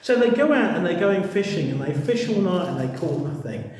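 A man preaching a sermon in a church, animated and humorous, acting out little voices as he tells the story. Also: high-pitched, fairly quick. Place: church hall. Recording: distant mic in echoey hall.

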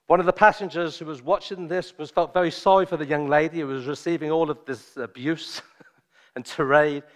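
A man preaching a sermon, joking and chatty with his congregation at first, then slow and solemn. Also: on the high side, steady tone. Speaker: visiting preacher.

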